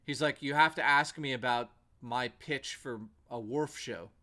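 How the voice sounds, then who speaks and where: Bright, forceful man telling stories. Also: medium pitch, measured pace. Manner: profane, rambling anecdotes full of "like". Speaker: host. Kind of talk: casual livestream storytelling.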